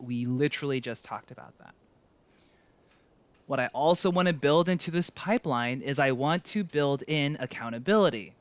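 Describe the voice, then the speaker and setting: Male instructor, conversational screen-share teacher, smooth voice, dry slightly muffled close mic. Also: medium pitch, no room sound. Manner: conversational, self-correcting, lively. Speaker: data instructor.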